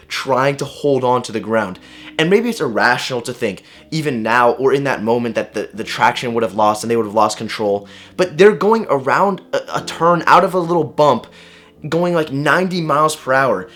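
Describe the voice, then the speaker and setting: A young man vlogger telling a personal story to camera in a casual, animated way, swearing and using slang. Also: medium pitch.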